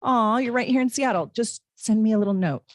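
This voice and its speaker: A woman's voice: fairly high pitch, a little fast, no echo, studio quality. A woman hosting a live-stream tarot reading, chatting in a bubbly way with viewers and reading their comments aloud.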